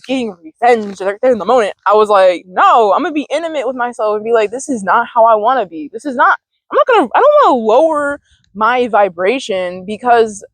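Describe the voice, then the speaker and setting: A woman's voice: medium pitch, no room sound. Laid-back woman vlogging outside, rambly and giggly, cusses a bit, mid voice, dry sound. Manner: chatty, laughs often, swears casually. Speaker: mindfulness vlog host. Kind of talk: casual vlog chat. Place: outdoors, sitting on dirt.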